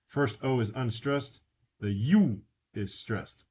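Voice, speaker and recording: A man's voice: fairly low pitch, sing-song, a little mellow, breathy edge. A man teaching a beginner language lesson from slides, repeating words for practice. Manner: repeats words slowly for drilling.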